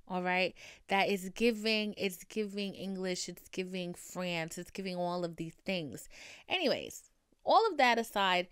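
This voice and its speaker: A woman's voice: on the low side, unhurried, smooth, no room sound, clean studio sound. Chatty woman with a light Boston accent. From Boston area, USA. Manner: chatty, profane, animated and dramatic. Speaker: podcast host. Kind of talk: casual monologue.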